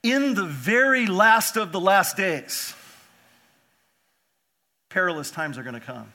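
A man preaching a sermon as pastor, lively and animated, often putting rhetorical questions to his listeners. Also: sits high, takes it slowly.

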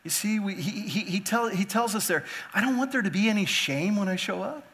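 A man preaching a sermon with impassioned swings between quiet and loud emphasis, acting out biblical figures in casual modern speech. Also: high voice, lively intonation, fairly quick. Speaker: pastor.

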